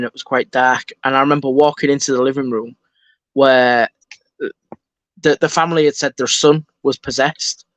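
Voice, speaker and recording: A man, a guest on a podcast, telling stories in an animated way and acting out what people said. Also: mid-range voice, no room sound. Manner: animated storyteller, acts out quotes. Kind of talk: casual podcast interview.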